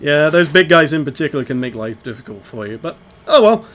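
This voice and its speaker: A man's voice: mid-range voice, fast, fairly bright tone. A man hosting a let's play, rambling through casual gameplay commentary and laughing often as he explains. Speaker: let's play host playing the game.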